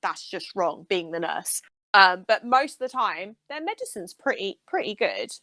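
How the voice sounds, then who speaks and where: A woman's voice: medium pitch, sing-song, moderate pace, sharp tone, dry recording. A woman who works as a nurse, chatting enthusiastically and rambling on a casual podcast. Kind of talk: casual chat.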